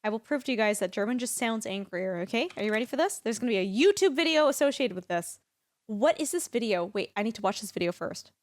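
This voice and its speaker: A woman's voice: a little high, lively intonation, fast, dry recording. A woman streaming a farming game, chatting casually and playfully teasing her viewers. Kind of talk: casual live-stream chat while gaming.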